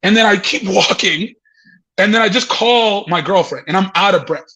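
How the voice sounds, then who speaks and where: A man with a fairly high voice tells a story to podcast hosts, swearing freely. He laughs between lines and acts out the people in it. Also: normal speed, sharp tone, poor audio. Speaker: comedian guest. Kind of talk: animated storytelling.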